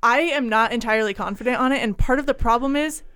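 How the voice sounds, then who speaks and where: Smooth-voiced chatty woman. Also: on the high side, fast, fairly bright tone, no room sound. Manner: chatty, laughs often, easygoing. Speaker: podcast co-host. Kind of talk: casual chat.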